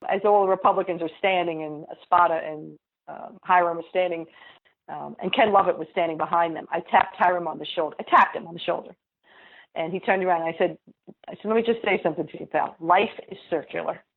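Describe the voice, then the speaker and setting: A woman state senator telling a story in an interview, blunt and lively, acting out the dialogue and laughing often. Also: on the low side, fast talker, gravelly. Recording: tinny phone-like line.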